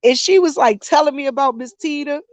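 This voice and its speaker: Chatty high-voiced woman in her fifties. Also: brisk, no echo. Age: 50s. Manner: chatty storyteller, laughs often, addresses viewers as y'all. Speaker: YouTube vlogger. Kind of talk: casual chat to viewers.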